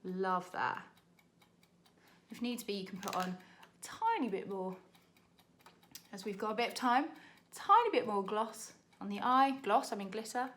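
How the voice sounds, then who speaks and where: Bright-voiced chatty British woman. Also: mid-range voice. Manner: chatty, rushed, laughing under time pressure. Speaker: makeup artist. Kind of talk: casual makeup tutorial to camera.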